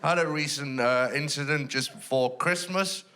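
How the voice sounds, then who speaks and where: A man's voice: a little high, moderate pace. A Welsh man doing dry, self-deprecating stand-up storytelling on a theatre stage. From Wales. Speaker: stand-up comedian. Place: large theatre stage with a live audience. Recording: live theatre with background noise.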